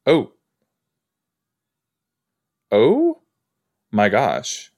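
Slow-talking man reacting playfully. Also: medium pitch, wildly swooping pitch, darkish tone. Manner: chatty, playful, talks to the screen. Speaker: podcast host. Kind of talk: casual watch-along reaction.

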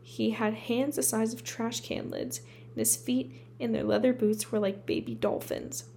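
A woman reading a storybook aloud at a steady pace, restarting a word now and then. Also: a little high, moderate pace, creaky, slight background noise. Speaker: audiobook reader.

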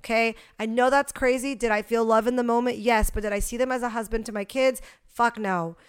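A woman's voice: fairly high pitch, steady tone, fairly quick, clear, resonant tone. A young woman co-hosting a podcast, talking in a blunt, profane and jokey way. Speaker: podcast co-host. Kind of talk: casual chat.

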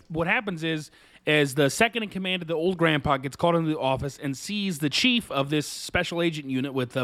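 A man's voice: on the high side, pushed and bright, no echo. A man co-hosting a podcast, rambling through a casual anime recap and acting out bits of dialogue. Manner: rambling recap with acted-out quotes and laughs. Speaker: podcast co-host.

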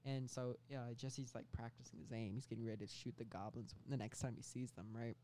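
A man's voice: medium pitch, fairly even intonation, fairly quick, dark tone, slight background noise. A man co-hosting a comedy podcast, telling a story in a rambling, casual way full of fillers. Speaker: podcast co-host pitching a movie.

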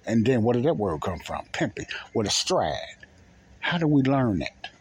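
A man's voice: mid-range voice, very animated, moderate pace, husky. A man hosting a podcast, talking in a casual, rambling monologue that repeats phrases in plain, folksy speech. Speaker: podcast host.

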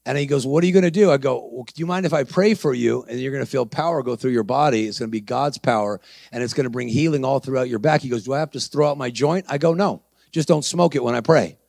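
A man's voice: medium pitch, fast talker, gravelly, a little mellow, no room sound. A man preaching a sermon, acting out dialogue in his story and calling out to the congregation. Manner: acts out dialogue, calls to the crowd.

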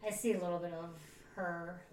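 Co-host: woman, lowish voice, filler-heavy chat, distant mic, echoey room, faint hiss. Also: flat delivery, brisk. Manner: chatty, many fillers. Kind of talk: casual chat.

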